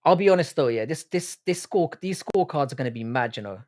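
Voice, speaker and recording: An Irish man hosts a live fight watch-along stream, speaking in a slightly raised pitch. His delivery is casual and peppered with swearing. He reacts to the action as it happens and answers his chat. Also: expressive, fast, darkish tone. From Ireland. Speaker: livestream host.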